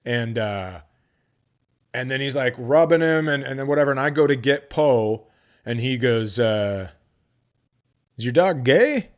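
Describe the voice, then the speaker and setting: Man, middle-aged, comedian host, casual storytelling, profane, acts out dialogue, medium pitch. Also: a little slow, clean tone. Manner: profane, acts out both sides of conversations.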